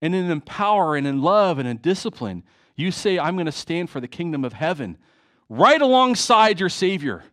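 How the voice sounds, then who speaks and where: A man's voice: on the high side, sing-song, normal speed, fairly bright tone. Impassioned man preaching a sermon. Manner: impassioned, emotional preaching with restarts. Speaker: pastor. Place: church hall.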